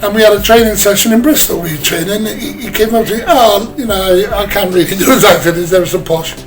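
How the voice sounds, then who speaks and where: Older ex-footballer telling chatty stories. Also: male voice, high-pitched, fast, faint music behind, low-quality recording. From England. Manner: chatty anecdotes with laughs, mimics voices. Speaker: former footballer, guest. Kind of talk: casual storytelling interview.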